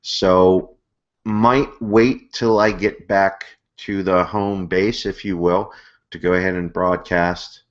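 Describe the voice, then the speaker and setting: Low-voiced man rambling on a stream. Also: fairly even intonation, slow pace. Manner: rambling, hesitant, many fillers and restarts. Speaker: host of an amateur astronomy hangout. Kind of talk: casual live-stream talk. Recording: muffled lo-fi web stream.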